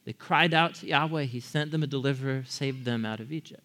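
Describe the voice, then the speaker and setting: A man's voice: mid-range voice, a little fast, bright, forceful tone. A man preaching a sermon in a conversational way, often asking his audience questions. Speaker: pastor.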